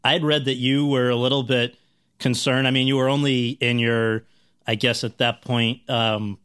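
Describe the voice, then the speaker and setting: A man's voice: mid-range voice, flat delivery, normal speed, a bit bright, clear, resonant tone. A man interviewing a guest, asking long questions full of restarts.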